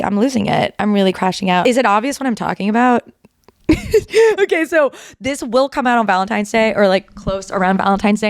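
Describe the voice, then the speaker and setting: A woman's voice: mid-range voice, clean tone, dry recording, clean studio sound. A woman hosting a podcast, chatting casually to camera in a rambling, self-interrupting, wry and exasperated way. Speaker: podcast host. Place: indoors, under a blanket.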